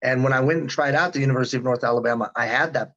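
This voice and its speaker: A man's voice: medium pitch, very fast, a bit bright, highs cut off. A man in his fifties telling his story in a casual interview, earnest and emphatic. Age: 50s. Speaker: guest.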